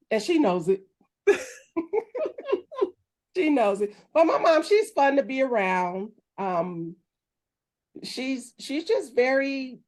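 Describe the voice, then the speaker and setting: A woman minister chats at a mid pitch in easy, loose phrasing, often restarting her sentences. She speaks in a casual, conversational way. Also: darkish tone. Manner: chatty, loose, with restarts and short laughs. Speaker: minister and podcast co-host. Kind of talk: casual chat.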